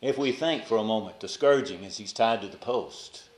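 A man preaching a sermon with passion, dropping to a hush on key phrases and rising to raised emphasis. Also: lowish voice, moderate pace. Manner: impassioned, swings from hushed to raised emphasis. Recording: echoey room.

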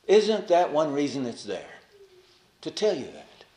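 A man preaching a sermon with passion, dropping to a hush on key phrases and rising to raised emphasis. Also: mid-range voice, sing-song, measured pace. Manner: impassioned, swings from hushed to raised emphasis. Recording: echoey room.

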